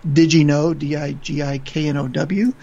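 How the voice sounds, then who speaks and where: A man with a fairly high voice co-hosts a casual podcast. He is easygoing and quick to agree. He runs through news items in a relaxed way. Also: vocal fry, lo-fi sound. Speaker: podcast co-host.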